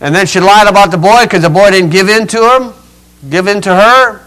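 An older male preacher retelling a scripture story in a folksy, dramatic way, swinging between loud rises and quiet drops. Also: high-pitched, a little fast, poor audio. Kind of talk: storytelling sermon.

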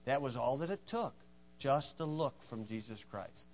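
A man preaching a folksy sermon, acting out dialogue and swinging from hushed tones to loud, forceful lines. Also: medium pitch, lively intonation, measured pace.

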